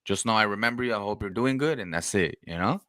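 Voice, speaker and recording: A man's voice: lowish voice, expressive, quick pace, bright, forceful tone, no room sound. A man hosting a podcast in casual chat, telling stories in slang and swearing, and acting out quotes. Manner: slangy, profane storytelling with acted-out quotes. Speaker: podcast host.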